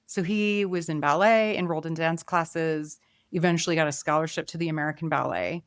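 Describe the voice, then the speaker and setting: A woman's voice: sits low, brisk, clean tone, no echo, studio quality. A woman hosting a casual film review chat, musing aloud, trailing off and restarting her thoughts. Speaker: podcast host.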